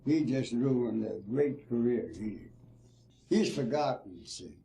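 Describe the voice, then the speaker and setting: A man's voice: medium pitch, lively intonation, unhurried, gravelly, dark tone, a little hiss or hum. An older man, a former ball player, telling folksy stories in an interview. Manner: folksy storytelling, "see?" and "you know". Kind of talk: reminiscing interview.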